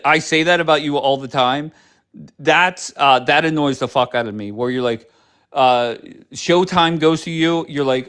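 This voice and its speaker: A man whose voice sits on the high side, with a fairly bright tone, hosts a live stream. The chat is casual, but his delivery is bluntly sarcastic and heavy on profanity.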